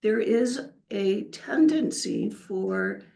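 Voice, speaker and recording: A woman's voice: medium pitch, very slow, vocal fry. An older woman, a wealth counselor, telling stories in a casual interview and acting out the quotes. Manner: animated storyteller who acts out quotes. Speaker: wealth counselor, podcast guest.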